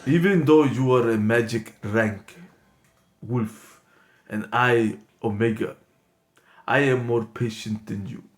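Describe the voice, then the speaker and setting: A man voicing a soft-spoken, patient male wolf playing a Latin lover in an improvised comedy sketch, talking low, slow and smug. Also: lightly acted. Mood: calm. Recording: echoey room with steady noise.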